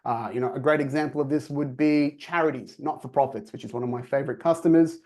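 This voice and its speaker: A man's voice: mid-range voice, fast. A man giving a sales coaching talk on a video call, energetically acting out quoted dialogue. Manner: energetic, acts out quoted dialogue in lively voices. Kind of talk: presenting to a virtual audience.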